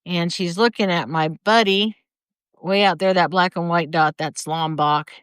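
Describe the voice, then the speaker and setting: A woman's voice: lowish voice, fairly even intonation, measured pace, a bit bright, smooth, no echo, clean studio sound. Older woman chatting on a live video. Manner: rambling, greets viewers by name. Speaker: livestreamer. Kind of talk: casual live chat. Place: outdoors on her front porch. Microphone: phone or camera for a live video.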